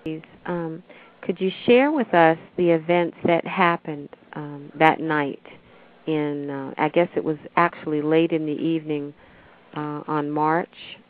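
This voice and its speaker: A woman hosting an interview, asking polite and measured questions with small hesitations. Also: deep voice, fairly even intonation. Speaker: interview host. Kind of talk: radio interview. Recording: tinny phone-like radio audio.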